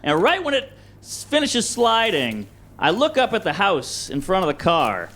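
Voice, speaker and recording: A man from Louisiana, a stand-up comedian telling a story and acting out yells and panicked quotes. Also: sits high, huge pitch swings, normal speed.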